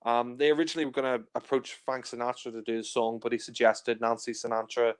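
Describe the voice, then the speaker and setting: A man's voice: medium pitch, level tone, quick pace, clear, resonant tone. A young man, reviewing films in casual chat, full of fillers and playful retellings. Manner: chatty, many fillers, acts out scenes in silly voices. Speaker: film reviewer. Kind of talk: casual film discussion.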